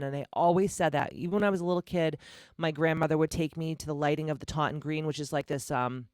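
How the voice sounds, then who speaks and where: A woman's voice: sits low, fairly even intonation, fast talker, dry recording, clean studio sound. A woman from Massachusetts in her forties, hosting her own podcast in a candid, blunt, profane solo monologue full of casual fillers. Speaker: podcast host.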